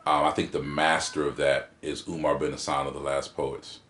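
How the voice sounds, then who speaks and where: A man with a very low voice, speaking at normal speed, appears as a guest poet in a casual interview conversation. He tells stories in a lively, vivid way, acting out rhythms and quotes, and the room around him is roomy and echoey.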